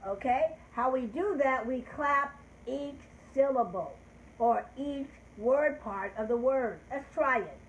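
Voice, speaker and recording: Slow, patient older woman teaching kids. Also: high-pitched, expressive, muffled recording. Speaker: children's show host teaching calendar. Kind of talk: live children's lesson. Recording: echoey room with faint background noise.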